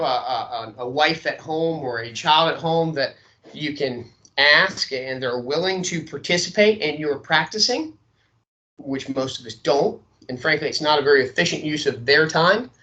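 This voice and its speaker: A man's voice: on the high side, sharp tone, rough recording. A man teaching a sales training lecture, checking in often with "okay?" and demonstrating inflections.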